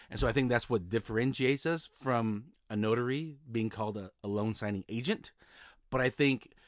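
A man's voice: medium pitch, dry recording, studio quality. A man hosting a solo podcast, talking casually about his notary work, often repeating and restarting words. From Utah. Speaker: podcast host, mobile notary.

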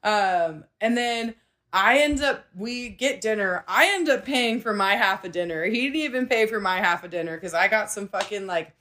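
A woman's voice: medium pitch, moderate pace. A young adult woman hosting a podcast, telling a story in casual chat, swearing freely and acting out the voices of people she quotes. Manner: profane, animated, acts out quoted voices. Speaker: podcast host.

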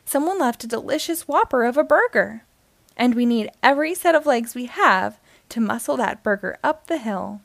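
A woman's voice: on the high side, animated, normal speed, gravelly, dry recording. A woman voicing a bossy, snappish mother queen ant who scolds and commands. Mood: scolding.

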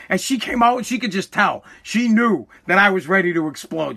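A forty-year-old man hosting his podcast from a home basement, ranting angrily and profanely, bursting into yelling, his throat scratchy from dust. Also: high-pitched, animated, a little fast, vocal fry, hardly any pauses. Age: 40s. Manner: aggravated, swearing, bursts into yelling. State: throat irritated by dust, coughing. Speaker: podcast host. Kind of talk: angry profane rant.

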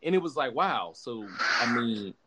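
A young man hosts a casual podcast chat, his voice jumping around in pitch as he gets worked up. He swears freely and restarts his sentences as he pushes each point hard. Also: normal speed, a crowd in the background. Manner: animated, profane, emphatic with many restarts. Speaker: podcast host.

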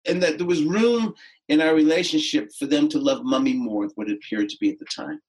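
A middle-aged man, a podcast guest, telling a personal story in a gentle, unhurried, reflective way with pauses and restarts. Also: a little high, low-quality recording.

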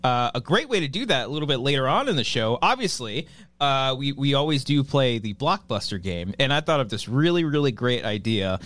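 A man's voice: mid-range voice, sing-song, a little fast, fairly bright tone, dry recording. A man co-hosting a casual podcast livestream, reading out the chat and joking with his co-hosts, often trailing off mid-sentence.

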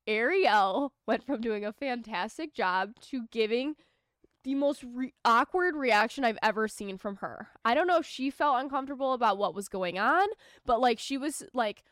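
A woman's voice: fairly high pitch, normal speed, dry recording, studio quality. A young woman co-hosting a podcast, chatting casually and animatedly and acting out what others said. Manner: animated, quotes people in put-on voices. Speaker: podcast co-host. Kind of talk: casual recap chat and read ad.

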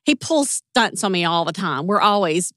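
A woman sits for a relaxed interview, recounting memories in a chatty, warm manner. Her voice sits a little low. The sound is dry and close. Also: normal speed, no echo. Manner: warm, chatty, animated when retelling. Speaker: interview guest. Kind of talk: casual storytelling interview.

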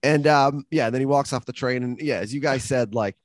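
A man's voice: mid-range voice, fairly quick, no echo. A man co-hosting a podcast, chatting casually and laughing easily. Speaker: podcast co-host.

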